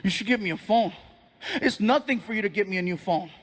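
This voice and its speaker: A man voicing a sulky teenage boy who answers in flat, grudging words and whines when he wants something. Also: high voice, brisk, a little hiss or hum. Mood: whiny. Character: sulky teenage boy, a one-word talker.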